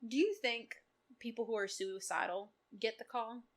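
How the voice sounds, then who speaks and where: A young woman co-hosting a podcast, musing about a book in a relaxed, conversational way. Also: fairly high pitch, moderate pace. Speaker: podcast co-host. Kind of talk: casual book-review chat.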